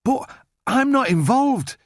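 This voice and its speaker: A man's voice: fairly high pitch, lively intonation, measured pace, breathy edge, no room sound, clean studio sound, voice pushed up. A man playing a jittery young teacher. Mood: defensive. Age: young adult. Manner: tense, defensive, stammering. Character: nervous young male schoolteacher under suspicion.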